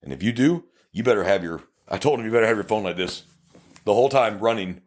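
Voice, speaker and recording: A man's voice: lowish voice, fast talker. A man with a South Texas accent, a police officer co-hosting a podcast, telling a story with lots of profanity and acted-out dialogue. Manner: profane, animated, acts out dialogue. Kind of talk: casual storytelling chat.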